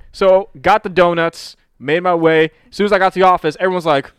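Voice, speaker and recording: A young man co-hosting a casual podcast, telling an animated story with quick asides into a close mic. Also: high voice, clear, resonant tone, no room sound. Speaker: podcast co-host. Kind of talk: casual chat.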